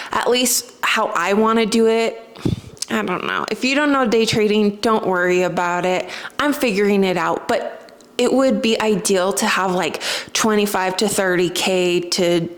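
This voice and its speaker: Chatty woman telling a heartfelt story. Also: mid-range voice. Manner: chatty, emotional, says "like" often. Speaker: spiritual vlogger. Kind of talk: casual storytelling to camera.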